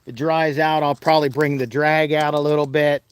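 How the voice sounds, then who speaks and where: A chatty man vlogging from his farm, with a somewhat high voice. He talks casually to the viewers and drops into soft coaxing tones for his animals, with animal noises in the background. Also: level tone, a little fast, clear, resonant tone. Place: outdoors on a farm.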